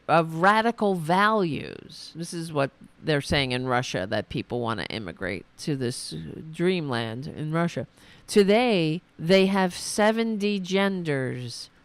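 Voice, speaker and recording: A woman hosting a political podcast, delivering an indignant, profane rant full of restarts, her voice going hoarse. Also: sits low. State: losing her voice. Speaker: podcast host.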